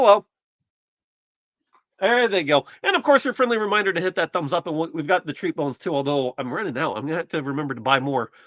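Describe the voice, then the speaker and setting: A man's voice: a little high, a bit bright, no echo, highs cut off. A man from the United States hosting a casual live stream, chatting in a rambling, self-correcting way while recovering from surgery. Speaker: livestream host.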